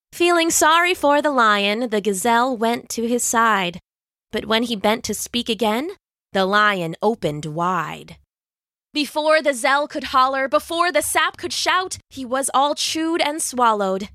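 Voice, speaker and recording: Bright, sing-song woman storyteller. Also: a little high, dry recording, studio quality. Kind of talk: rhyming children's story narration.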